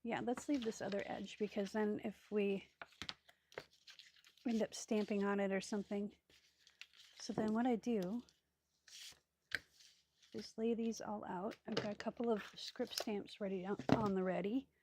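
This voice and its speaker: Woman crafter, casual rambling chat, mid-pitched voice, faint background clicks. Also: steady tone, a little slow, long pauses, background noise. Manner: rambling, thinking aloud, many ums and trailing asides. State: hiccups. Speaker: craft video host.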